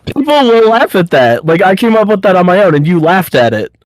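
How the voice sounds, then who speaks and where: A man's voice: high-pitched, very animated, fairly quick, no echo, low-quality recording. A man co-hosting a casual podcast chat, talking bluntly with swearing and handing out encouraging advice. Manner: blunt, swearing, gives pep-talk advice. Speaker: podcast co-host.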